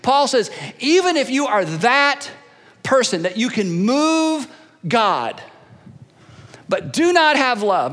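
High-voiced man preaching in a hall. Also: slow pace, long pauses. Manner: animated, conversational preaching that swings between loud and hushed. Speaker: pastor. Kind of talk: sermon.

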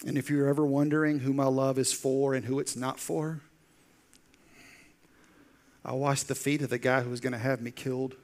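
A man preaching as pastor talks at a normal speed in a medium pitch, leaving long pauses. He tells the story with vivid acted quotes and drops to soft, intense lines.

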